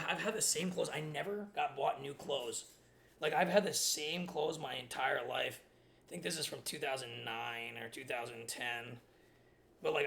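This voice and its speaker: A young man in his twenties chats on stream in a rambling, loose way, leaning on filler words. His voice has a gravelly edge, and faint keyboard typing clicks behind him. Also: on the high side, bright, forceful tone, slight background noise. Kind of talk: casual storytelling chat.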